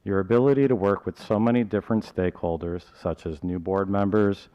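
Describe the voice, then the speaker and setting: Low-voiced man reading a formal tribute. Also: steady tone, clear, resonant tone, lo-fi sound. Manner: formal, measured, with a light joke at the end. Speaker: speaker for the local teachers' association. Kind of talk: reading a prepared tribute speech. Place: school board meeting room.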